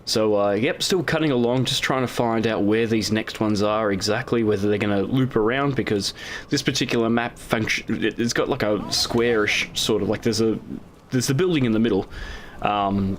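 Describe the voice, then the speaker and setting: A man with a fairly low voice talks at a moderate pace over recorded gameplay on his own gaming channel, rambling casually with lots of fillers and restarts. There's a little hiss or hum.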